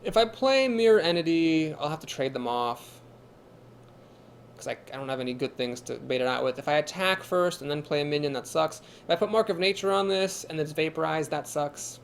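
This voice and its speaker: A young man with an easy Midwestern accent talks through his card game moves on a live stream, reading chat and chuckling along. His voice sits a bit high and swings up and down with a lively lilt. A faint hiss runs beneath the recording. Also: brisk, creaky. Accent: Midwestern American. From Ohio, USA. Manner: chatty, thinks aloud, reads chat comments and laughs easily. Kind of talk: live gameplay commentary.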